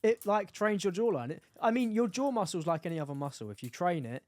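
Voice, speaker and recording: A man's voice: high-pitched, expressive, fast talker, no echo. A young man co-hosting a podcast in casual chat, cheeky and crude with his jokes. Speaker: podcast co-host.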